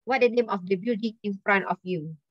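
A woman's voice: medium pitch, fairly quick, no echo. Malaysian lady teaching a class, asks lots of questions, throws in "lah", dry close sound, kinda muffled. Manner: mixes in Malay words and "lah", quizzes students. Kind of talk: online language lesson. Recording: dull lo-fi dry voice.

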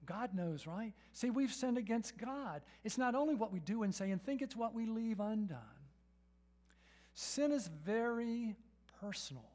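A man's voice: high voice, lively intonation, unhurried, darkish tone. A man pastor preaching a sermon in church, asking the congregation rhetorical questions and often adding "right?". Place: church sanctuary.

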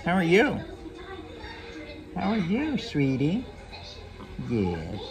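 A woman at a parrot rescue talking gently to a bird in a coaxing, sing-song baby-talk voice. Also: low voice, huge pitch swings, takes it slowly, long pauses, music in the background. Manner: gentle and affectionate.

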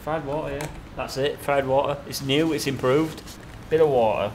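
A man's voice: medium pitch, steady tone, normal speed, a loud crowd. A man joking and swearing in casual banter while exploring an abandoned sea fort. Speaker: vlogger exploring abandoned places. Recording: outdoor wind noise.

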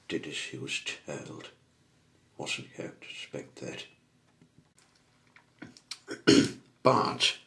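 Slow, deep-voiced male storyteller. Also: gravelly. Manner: slow, expressive, asks the listener questions. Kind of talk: storybook narration.

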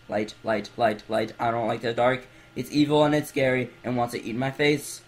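A man's voice: mid-range voice, steady tone, normal speed, few pauses, darkish tone, slight background noise, poor audio. A young man giving jumpy let's play commentary from his bed, breaking into screams and goofy baby talk, on a computer mic. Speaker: gamer. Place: in bed at home.

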